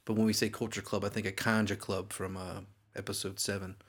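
A man co-hosting a podcast with his brother, telling chatty stories with quick asides. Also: fairly low pitch, level tone, a bit bright. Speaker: podcast co-host. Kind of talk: casual chat.

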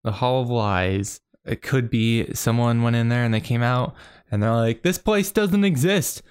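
A man's voice: medium pitch, level tone, normal speed, clear, resonant tone. A man co-hosting a podcast in casual chat, rambling playfully through odd hypotheticals. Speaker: podcast co-host.

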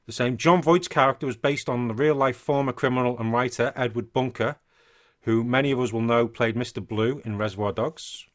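Man, podcast co-host, chatty, mid pitch, reads through notes with asides. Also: a little fast. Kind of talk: casual podcast chat.

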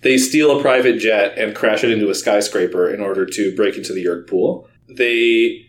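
A man's voice: fairly low pitch, normal speed, roomy sound. A man co-hosting a podcast, giving a chatty, sarcastic recap of a book's plot and laughing as he goes. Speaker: podcast co-host.

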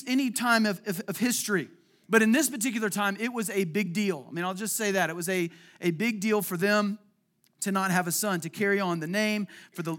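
A man preaching a sermon, earnest and halting, repeating words as he retells a scripture story, acting out its lines and dropping soft at tender moments. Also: high voice. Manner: earnest, repeats words, acts out quotes, drops to near whisper at emotional points. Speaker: pastor.

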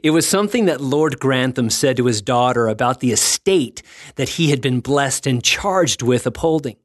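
A man's voice: medium pitch, expressive, normal speed, no room sound, studio quality. Earnest man hosting a faith podcast. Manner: earnest, gently self-mocking, reflective. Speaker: podcast host and ministry founder. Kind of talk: scripted devotional podcast talk.

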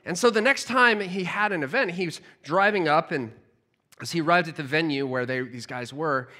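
Pastor guy telling a sermon story, animated, bright sharp voice, kinda high. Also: normal speed. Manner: animated storytelling, repeats words as he restarts.

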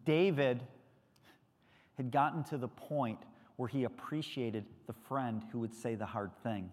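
A man's voice: mid-range voice, unhurried, a little mellow, in a large hall. A man preaching a sermon as pastor, speaking conversationally and putting questions to the congregation. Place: church sanctuary.

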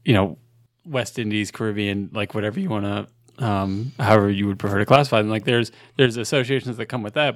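A man's voice: fairly low pitch, no room sound, clean studio sound. A man hosting a casual podcast conversation, talking thoughtfully with some rambling restarts. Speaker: podcast host.

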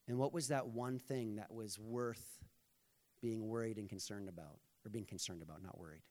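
A man's voice: fairly low pitch, moderate pace, a little mellow. Playful conversational male preacher. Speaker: pastor. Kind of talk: sermon.

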